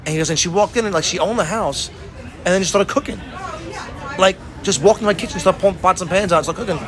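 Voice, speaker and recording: Man telling stories, swearing, acting out quotes, fairly high voice, crowd noise. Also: quick pace. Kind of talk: casual profane chat.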